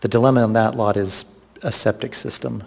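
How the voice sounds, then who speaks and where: A man's voice: mid-range voice, steady tone, brisk, gravelly, a little mellow, long reverb tail. A man on municipal staff explaining a site plan at a public meeting, hedging with fillers.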